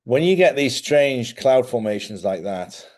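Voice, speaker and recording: A man's voice: medium pitch, expressive, a little slow, darkish tone. Rambling male live-stream host. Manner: rambling, conversational, repeats himself and asks listeners "yeah?". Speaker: host of a live spiritual talk show. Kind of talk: casual live-stream talk. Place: studio.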